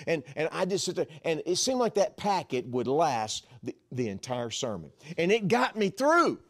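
Man, pastor, sermon, animated pitch, slightly higher voice, folksy asides. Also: normal speed, hardly any pauses. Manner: lively preaching with folksy asides.

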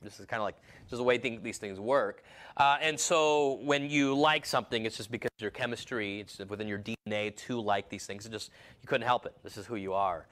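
A man's voice: lowish voice, a little fast, fairly bright tone. A man preaching a sermon in a rambling way, full of restarts and personal asides.

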